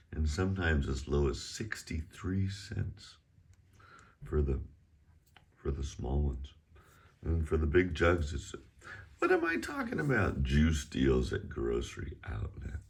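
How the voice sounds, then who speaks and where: A man's voice: a bass voice, expressive, takes it slowly, darkish tone, husky. A middle-aged man teaching a casual online Chinese lesson at home, chatty and prone to rambling asides. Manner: sings out exaggerated tones in pronunciation drills.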